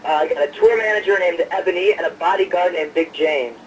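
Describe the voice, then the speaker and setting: A man's voice: sits high, brisk, recorded from a distance, a little hiss or hum, rough recording. A man calling in as a guest singer, talking easygoing and rambling with fillers. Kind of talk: casual interview over the phone.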